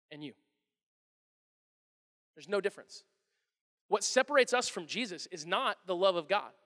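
A man in his thirties preaching a sermon as a pastor, animated and acting out quotes in different voices. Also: high-pitched. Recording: long reverb of a large hall.

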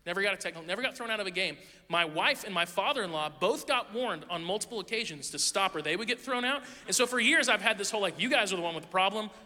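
A man's voice: high voice, animated, fast talker, bright, forceful tone. A middle-aged man, a pastor, giving a conversational sermon with candid, self-deprecating stories, recorded in a church sanctuary. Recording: long reverb of a large hall.

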